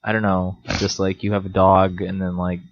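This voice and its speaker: A man's voice: little pitch movement, moderate pace, slight background noise. Rambling young man, lo-fi podcast. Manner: rambling, joking, jumps into high silly voices. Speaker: podcast co-host. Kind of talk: casual chat. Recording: slightly dull lo-fi sound.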